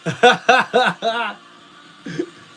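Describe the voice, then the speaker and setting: Excitable high-voiced man hosting a stream. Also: extremely slow, slight background noise. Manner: excitable, laughs often, chats with viewers. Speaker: livestream host. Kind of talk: live wrestling reaction and chat reading.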